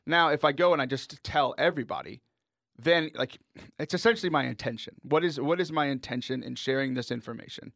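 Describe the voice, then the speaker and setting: A man's voice: medium pitch, fairly quick, gravelly, a bit bright, dry recording, clean studio sound. A man hosting a radio talk show, chatting casually and earnestly with frequent laughs. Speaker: radio host. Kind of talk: casual chat.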